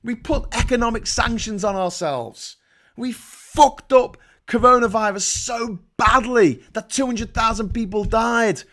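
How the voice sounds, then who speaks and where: A British livestream host rants angrily about politics in an extremely high, bright, forceful voice, delivered unhurriedly. He swears constantly and drips with sarcasm.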